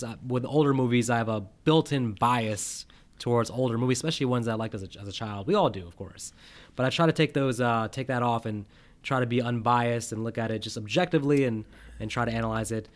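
Man, podcast host, casual movie review chat, methodical, teasing, medium pitch. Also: brisk.

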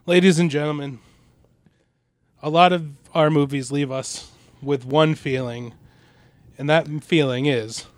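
A man's voice: fairly high pitch, fairly even intonation, unhurried, long pauses, dry recording. A man co-hosting a comedy podcast, presenting mock awards in a jokey announcer-like way.

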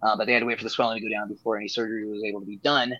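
A man's voice: lowish voice, flat delivery, rapid-fire, pushed and bright. Man telling stories on lo-fi audio. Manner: rambling, swears freely, laughs at own stories. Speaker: guest, professional wrestler. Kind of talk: casual storytelling in conversation. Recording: dull lo-fi sound.

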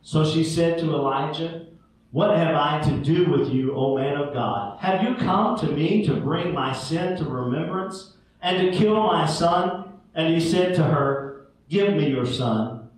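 High-voiced preacher in an echoey church. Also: male voice, a little slow. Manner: fervent, call-and-response preaching. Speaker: pastor. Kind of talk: sermon. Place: church sanctuary. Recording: very echoey room, mic far off.

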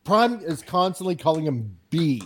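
A man's voice: fairly high pitch, sing-song, moderate pace, a loud crowd. A man co-hosting a podcast, agreeing often and complaining with exasperation. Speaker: podcast co-host. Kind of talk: casual chat.

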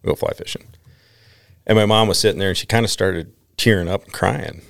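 A man's voice: deep voice, fairly quick, gravelly, a bit bright, dry recording, studio quality. A man from Minnesota, a podcast guest, telling rambling stories in casual chat, laughing often and leaning on "I mean" and "like". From Minnesota, USA.

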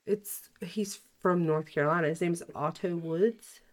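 A woman co-hosting a true-crime podcast in easy, casual chat. Her voice is a little low, and she tosses in quick, slangy reactions. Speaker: podcast co-host.

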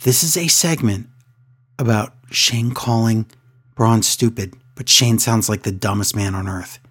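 On a casual wrestling recap podcast, this male co-host speaks in a lowish, slightly slow voice that's a bit bright with a breathy edge. He sounds sarcastic and exasperated, and he often imitates wrestlers by raising his voice.

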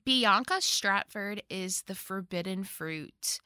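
A woman's voice: mid-range voice, expressive, slow pace, bright, forceful tone, no room sound, studio quality. A woman co-hosting a podcast, casually recapping a movie, giggly and gushing with frequent swearing. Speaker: podcast co-host.

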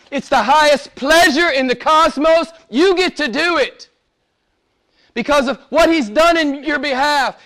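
A man preaching a sermon and praying to a live congregation, earnest, slowing down and stretching key words for emphasis. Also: very high-pitched, fairly bright tone.

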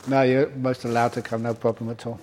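A man's voice: medium pitch, level tone, fairly quick, a little mellow, a little hiss or hum. A man giving a dharma talk to a retreat group as their meditation teacher, humorous and digressive, breaking off to joke. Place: retreat centre meditation hall.

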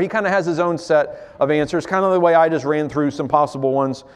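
A man preaching a sermon as pastor, swinging between loud emphasis and near-whispers. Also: a little high, fairly quick, smooth. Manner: swings from loud to hushed, acts out quoted voices. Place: church sanctuary. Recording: long hall reverb.

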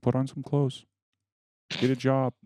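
A man's voice: mid-range voice, completely flat delivery, a little slow, mellow, no echo, studio quality. A man hosting a casual comedy chat, rambling in a crude, mock-preachy way. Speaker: podcast host.

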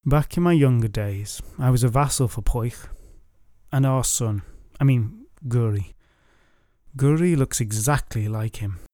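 A man speaking as an earnest lord of legend in formal, solemn words, with a mellow voice. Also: medium pitch, measured pace, no echo, studio quality, natural voice.

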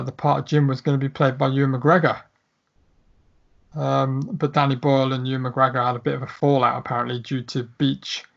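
A man's voice: mid-range voice, gravelly, highs cut off. A man co-hosting a casual film chat, blunt, jokey and full of swearing. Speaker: podcast co-host.

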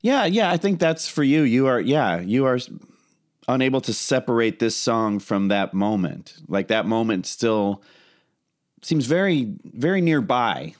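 A man co-hosting a podcast in casual chat, speaking thoughtfully and in a relaxed way, often hedging as he thinks aloud. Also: mid-range voice, unhurried. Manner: thoughtful, relaxed, musing with hedges and fillers. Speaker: podcast co-host.

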